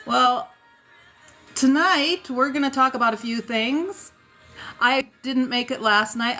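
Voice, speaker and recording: A woman's voice: medium pitch, sharp tone. A woman from South Dakota hosting a casual livestream, greeting viewers by name and chatting with fillers and asides, a bit tired at the end of the day. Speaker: livestream host. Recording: faint music behind.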